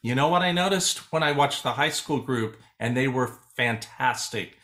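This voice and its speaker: A man's voice: mid-range voice, moderate pace. A man who teaches choir, talking casually on a video call and acting out his students' voices as he tells stories. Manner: animated storyteller, acts out quoted students. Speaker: choral music educator.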